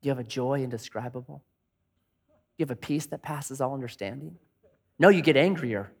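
A man's voice: medium pitch, a little fast, gravelly, husky. A man preaching a sermon in a conversational way, asking many rhetorical questions and acting out angry inner voices. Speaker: pastor.

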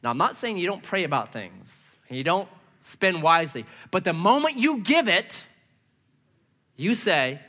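A middle-aged male pastor preaching from the stage, telling stories on himself with self-mocking humor. His fairly high, bright voice swings widely in pitch as he acts out his own reactions. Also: big pitch swings, a little slow. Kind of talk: sermon with personal storytelling. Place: church stage.

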